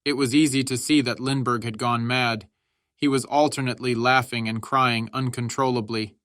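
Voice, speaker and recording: A man narrating an audiobook in a measured, steady reading style. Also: mid-range voice, dry recording, clean studio sound.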